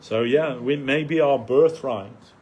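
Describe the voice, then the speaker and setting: A man giving an earnest devotional sermon at a festival, pausing often with "uh" as he searches for words. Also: mid-range voice, darkish tone, slightly rough. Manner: earnest, halting, many "uh" pauses.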